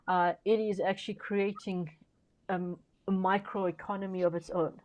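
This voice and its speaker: A woman's voice: medium pitch, fairly even intonation, normal speed, darkish tone, poor audio. A woman speaking on a conference panel, making her case emphatically and persuasively, stressing key words and often restarting her sentences. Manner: frequent fillers and restarts.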